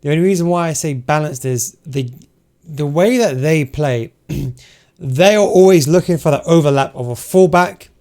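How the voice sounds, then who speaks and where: A man's voice: on the high side, moderate pace, a little mellow. A man losing his voice, explaining game tactics step by step in a casual spoken tutorial and talking straight to his viewers. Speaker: video game tactics coach.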